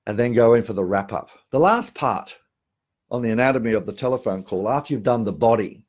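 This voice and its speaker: A man's voice: mid-range voice, fairly quick, darkish tone. A middle-aged Australian man giving a sales training talk on phone calls, emphatic, repeating key phrases and often restarting sentences.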